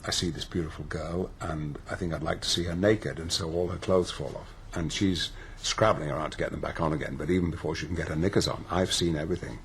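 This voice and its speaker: Very deep-voiced older man, quick and deadpan. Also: a little hiss or hum. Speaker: actor in a comedy scene. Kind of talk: scripted comedic monologue, deadpan.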